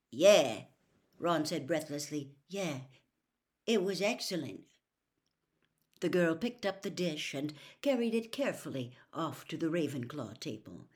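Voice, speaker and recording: Woman storyteller, unhurried and expressive, lowish voice. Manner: slow, expressive read-aloud. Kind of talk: audiobook narration.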